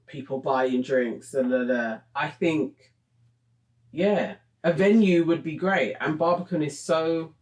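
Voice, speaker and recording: A man muses out loud in casual podcast chat, agreeable and reflective. His voice sits slightly high. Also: takes it slowly. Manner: thoughtful, agreeable, musing out loud. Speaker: podcast co-host.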